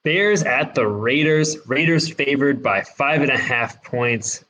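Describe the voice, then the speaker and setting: A man co-hosting a casual sports betting podcast, giving his picks in a relaxed, confident way. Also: mid-range voice, slow, a little hiss or hum, rough recording. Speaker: podcast co-host picking games.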